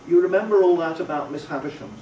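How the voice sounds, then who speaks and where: A man voicing an ashamed young boy who talks quietly and hesitantly. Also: a little high, quick pace, muffled recording, a little hiss or hum, natural voice. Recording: roomy, distant, faint ambience.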